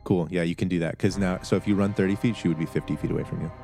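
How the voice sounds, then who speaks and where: A man's voice: low-pitched, steady tone, rapid-fire, vocal fry, warm tone, faint music behind. A man narrating as game master of a tabletop game, laid-back and laughing often.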